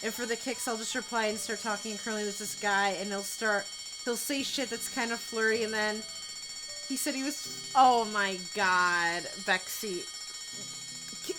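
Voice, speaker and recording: A woman's voice: a little high, fairly even intonation, moderate pace, music in the background, rough recording. A young woman live-streaming a game, chatting casually, reacting to what happens on screen and answering her chat. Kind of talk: casual gameplay commentary.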